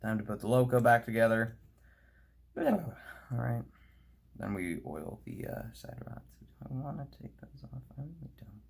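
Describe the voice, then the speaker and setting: A playful young man narrates a casual hobby video with a mid-range, husky, sing-song voice at a moderate pace, with vocal fry and long pauses. He chats to himself and his model as he works, dropping into quiet whispers during fiddly tasks.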